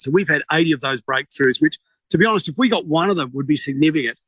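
An Australian man speaking as a radio interview guest, earnest and halting, often repeating words. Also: on the high side, fairly bright tone, breathy edge, no room sound. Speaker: charity fundraiser cyclist guest.

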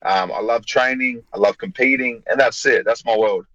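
An Australian man, a fighter from South Australia, chatting in a relaxed interview, often repeating words and calling people mate. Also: mid-range voice, moderate pace, no echo, lo-fi sound. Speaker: guest, mixed martial arts fighter. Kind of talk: casual interview over a line.

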